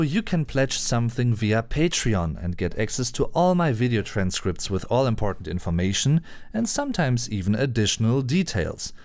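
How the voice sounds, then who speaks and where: Man, low, lively pitch, online lesson, careful pronunciation. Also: dry recording. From Germany. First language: German. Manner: chatty, playful asides, careful pronunciation. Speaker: German language teacher.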